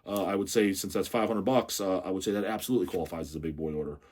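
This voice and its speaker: A man's voice: low voice, racing, darkish tone. A man hosting a metal channel, reading out viewer questions and answering them in a blunt, mocking, heavily profane rant. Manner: swears constantly, mocking and blunt.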